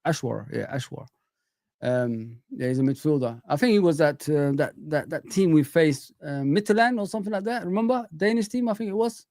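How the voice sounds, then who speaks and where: A man's voice: fairly high pitch, brisk, a little mellow, no room sound, clean studio sound. A man co-hosting a live football watch-along stream, chatting casually and calling the audience "guys". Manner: chatty, repeats "guys" and "man", British slang. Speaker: livestream co-host.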